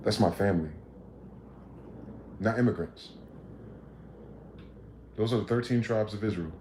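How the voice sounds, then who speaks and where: A man rants on a livestream, swearing freely and pressing listeners with combative rhetorical questions. His voice sits in a mid range with a dark, mellow tone, and his room gives it a noticeable echo. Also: fairly low pitch, unhurried, slight background noise. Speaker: livestream host. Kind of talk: ranting livestream monologue.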